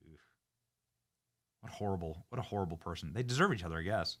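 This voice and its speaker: A man hosting a commentary show, reacting to a clip in a mocking, indignant way, jumping between loud outbursts and muttered asides. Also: sits low, quick pace, pauses often. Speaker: political commentary host.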